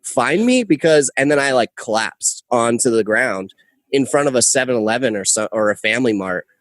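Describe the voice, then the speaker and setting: A young man spins a rambling story as a podcast guest, talking animatedly and swearing casually. His voice sits at an ordinary middle pitch. He is close on a podcast mic in a dry room. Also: animated, moderate pace, no echo. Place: podcast studio.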